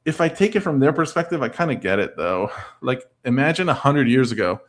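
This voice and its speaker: A man chatting loosely on a livestream in an everyday mid-pitched voice. His talk wanders and is padded with "like" and "I don't know". Now and then he answers comments from his viewers. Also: sing-song, brisk. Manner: rambling, full of "like" and "I don't know". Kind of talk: casual livestream chat.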